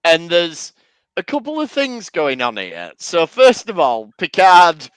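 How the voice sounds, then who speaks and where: A man co-hosting a podcast, chatting through an episode recap in a meandering, sweary way. His voice is smooth and clear, pitched a little high, and dry and close to the mic. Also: huge pitch swings, takes it slowly, fairly bright tone, no room sound. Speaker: podcast co-host. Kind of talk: casual chat recapping an episode.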